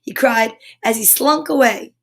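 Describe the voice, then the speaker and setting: Slow, high-voiced woman reading a storybook. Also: vocal fry. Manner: animated, adds asides to the listener. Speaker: storyteller reading a children's book aloud.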